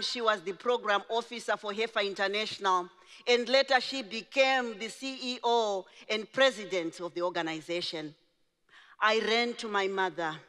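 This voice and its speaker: A middle-aged woman whose first language is Shona, telling her life story in a slow, deliberate speech with emphatic phrasing. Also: medium pitch, bright, forceful tone. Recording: reverberant large hall.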